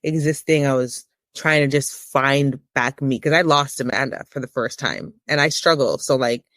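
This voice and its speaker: A woman in her thirties giving a candid personal testimony as an interview guest, with emotional, preacher-like rises in pitch. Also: normal speed, a bit bright, no room sound, clean studio sound.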